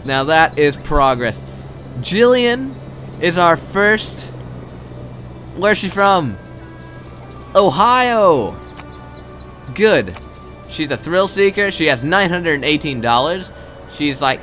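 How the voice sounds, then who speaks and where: An excitable young man with a slightly high voice gives live gameplay commentary. He swears freely and swings between loud outbursts and low muttering. Faint game music plays behind him. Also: takes it slowly, pauses often.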